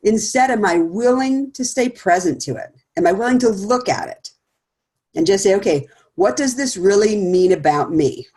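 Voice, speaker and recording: A woman's voice: medium pitch, expressive, moderate pace, darkish tone. A middle-aged woman presenting a talk in a casual, conversational way, laughing often and acting out quoted remarks. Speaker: speaker series presenter.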